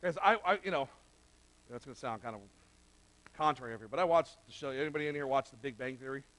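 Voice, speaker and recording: A middle-aged pastor with a mid-range, fairly bright voice preaches at a quick pace in a church sanctuary, on a rough recording. He speaks to the men in the room directly and conversationally.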